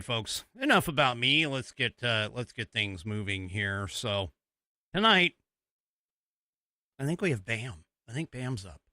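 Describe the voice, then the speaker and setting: Here a U.S. man runs a live-stream podcast, wandering through his thoughts with plenty of fillers and false starts. His mid-range voice comes across pushed and bright. The clean studio audio carries no room sound.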